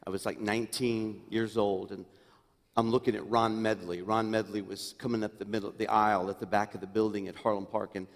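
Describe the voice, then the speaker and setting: A middle-aged man preaching a sermon as senior pastor, swinging from hushed, intimate asides to loud, rising exclamations. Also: on the low side, little pitch movement, fairly quick. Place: church sanctuary. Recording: long reverb in a church hall.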